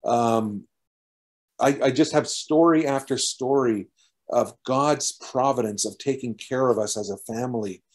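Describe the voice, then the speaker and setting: A man's voice: medium pitch, a little slow. A middle-aged man from Canada, a pastor telling a personal testimony in an earnest storytelling way, with frequent restarts. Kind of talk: testimony sermon.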